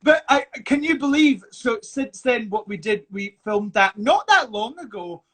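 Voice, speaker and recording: A man's voice: very high-pitched, expressive, a little slow, a bit bright. A man in casual live chat, playful and teasing, who swears freely and calls his friend babes.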